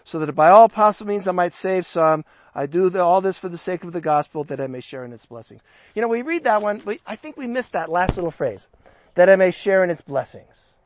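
A man's voice: high voice, dry recording. A man preaching a sermon, chatting in a conversational way and lifting his voice for emphasis when he reads scripture. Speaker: pastor.

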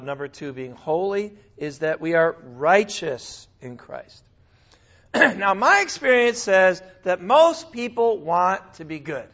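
A male pastor preaching a sermon in a conversational, animated way, with asides and small laughs. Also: high voice, dull audio.

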